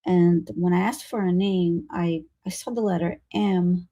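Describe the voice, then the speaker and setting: A woman giving psychic readings on a live stream, speaking haltingly with many fillers. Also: on the low side, steady tone, dark tone. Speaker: psychic reader and co-host.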